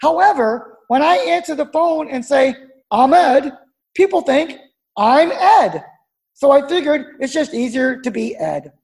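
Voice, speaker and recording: A woman's voice: sits high, expressive, a little slow, gravelly, a little mellow, exaggerated voice. A woman doing a friendly repair shop man with a Texan drawl. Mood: cheerful. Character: male repair shop manager, friendly and matter-of-fact.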